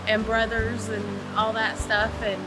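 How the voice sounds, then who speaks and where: Slow-spoken woman off-mic outdoors. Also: on the high side, completely flat delivery, loud music behind the voice, low-quality recording. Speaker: angler co-host. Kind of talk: casual self-introduction.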